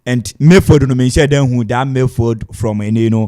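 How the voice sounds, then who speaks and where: A man analysing a live football match on radio, talking steadily with frequent hesitations and soft laughs. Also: medium pitch, moderate pace.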